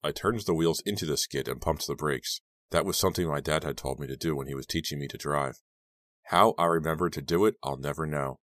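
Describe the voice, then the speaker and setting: A man reading a teen horror audiobook aloud in steady, dramatic first-person narration. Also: a bass voice, a little fast, no room sound. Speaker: audiobook reader.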